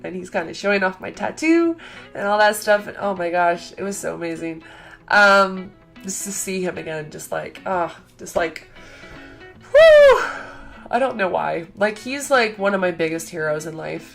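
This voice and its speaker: A woman's voice: on the low side, moderate pace, creaky, faint music behind. Gushing young woman vlogger. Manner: gushing, excitable, heavy use of "like" fillers. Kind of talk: casual chat to camera.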